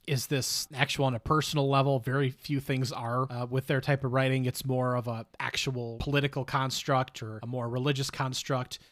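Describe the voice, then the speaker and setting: Brief: podcast co-host, mid-pitched man, dry close mic, careful, note-driven critique. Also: little pitch movement, moderate pace, hardly any pauses, a bit bright, no room sound. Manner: methodical, refers to notes, hedges his opinions. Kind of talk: casual music review chat.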